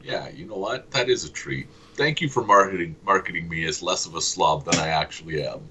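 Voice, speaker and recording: A man's voice: low-pitched, fairly quick, noisy background. A man co-hosting a casual sports podcast, full of wry, self-deprecating banter. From Canada. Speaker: podcast co-host.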